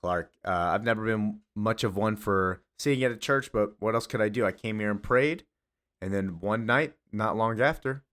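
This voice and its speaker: A man voicing a gentle old farmer father, talking in a soft, folksy way. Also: lowish voice, normal speed, lightly acted. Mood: tender.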